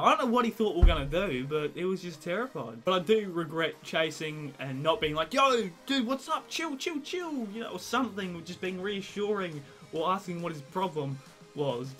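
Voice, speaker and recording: A man's voice: on the high side, a bit bright. A young man telling rambling, sweary, self-mocking stories to camera in a casual vlog. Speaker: vlogger. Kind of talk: casual confessional storytelling.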